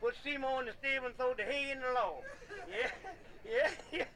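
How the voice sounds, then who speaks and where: A man's voice: extremely high pitch, fairly quick, noisy background. A man telling comic folk stories in a folksy way, often laughing and repeating "yeah.". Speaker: storyteller.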